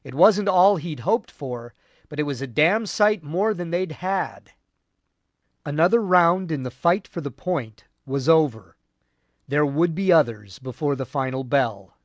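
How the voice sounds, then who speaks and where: A man narrating a war history audiobook in a measured, grave way. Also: a little high, animated, no echo. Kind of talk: scripted narration.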